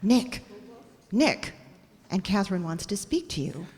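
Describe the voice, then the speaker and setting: A woman's voice: medium pitch, unhurried, in a large hall. An actress playing a witty socialite wife who coaxes her husband in an old-time radio drama. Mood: urgent. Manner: animated, coaxing.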